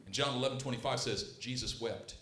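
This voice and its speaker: A man preaching a sermon with passion, swinging between hushed, tender lines and loud, emphatic ones. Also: mid-range voice, a little fast, a little hiss or hum. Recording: roomy echo.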